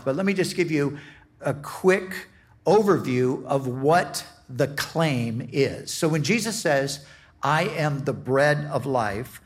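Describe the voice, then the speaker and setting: A man preaching a sermon as a pastor, teaching in a slow, deliberate way and often restarting his phrases. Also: on the high side.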